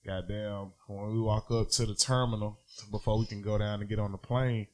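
A man co-hosting a casual podcast, telling a story in a loose, profane and animated way. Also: fairly low pitch, normal speed. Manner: profane, animated storytelling, loud when riled. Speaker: podcast co-host.

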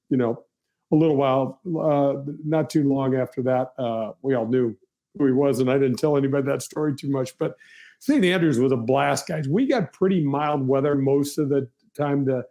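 A man in his fifties, a show host telling golf stories in a casual, rambling, animated way with some swearing. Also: a little high. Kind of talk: casual storytelling chat.

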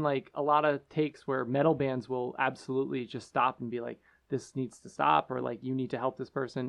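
A man with a gravelly, creaky voice co-hosts a casual podcast. He speaks in an earnest, halting way, with plenty of ums and uhs. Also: mid-range voice, muffled recording. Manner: earnest, halting with many fillers. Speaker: podcast co-host.

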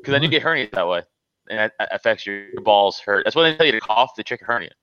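A man's voice: fairly low pitch, animated, quick pace, fairly bright tone, muffled recording. A man telling rambling stories in casual chat, full of restarts and filler words. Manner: rambling storyteller, many restarts and "like". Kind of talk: casual banter.

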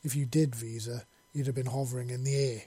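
A man voicing a gentle, devoted young male hero who speaks softly. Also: mid-range voice, steady tone, fairly quick, breathy edge, lightly acted. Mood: tender. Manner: soft, tender.

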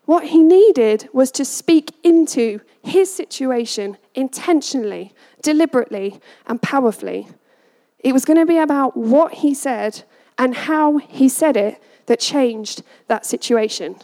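A woman shares a family story in a lively storytelling talk, often laughing and slipping into quoted voices. Her voice sits high. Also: measured pace. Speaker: parent giving a message.

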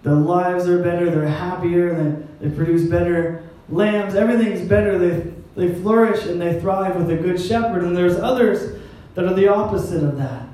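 A man's voice: high-pitched, moderate pace, hardly any pauses, dark tone. A man preaching a sermon as pastor, in a conversational style with wry, self-deprecating asides. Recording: echoey hall, mic at a distance.

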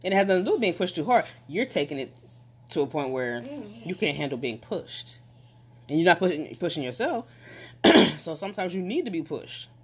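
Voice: mid-range voice, sing-song, fairly quick, husky. A speaker giving a casual motivational monologue about relationships, talking emphatically with lots of repetition and building to passionate pushes.

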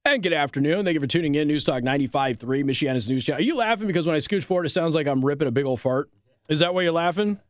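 A man's voice: on the high side, rapid-fire, no echo. A man hosting a talk radio show in a studio, delivering a sarcastic, opinionated monologue and laughing at his own jokes.

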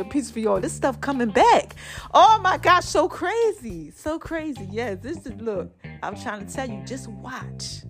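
A woman vlogger giving a casual inspirational talk to her viewers, animated and preachy, calling them baby and y'all. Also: a little high.

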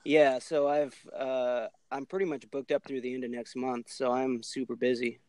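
A man from Ohio co-hosting a podcast, chatting easily with a few halting restarts. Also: medium pitch, little pitch movement, a little mellow, no echo. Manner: easygoing, chatty, a little halting. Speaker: podcast co-host. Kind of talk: casual chat.

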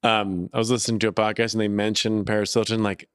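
A man co-hosting a podcast, talking in a rambling, profane way with sudden loud bursts. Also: fairly low pitch, little pitch movement, fast talker, clean tone, dry recording, clean studio sound. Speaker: podcast co-host. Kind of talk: casual chat.

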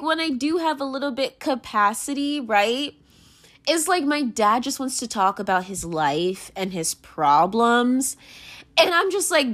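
Young woman, candid personal monologue, rambling, filler-heavy, swearing, fairly high voice. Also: expressive, unhurried, fairly bright tone. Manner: emotional, pitch swinging widely.

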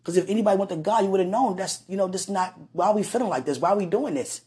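A woman with a husky, medium-pitched voice speaks rapid-fire on her podcast, telling a personal story straight to her partner. She animatedly performs the lines others said, and her talk is casual and religious, with frequent mentions of God and the Holy Spirit.

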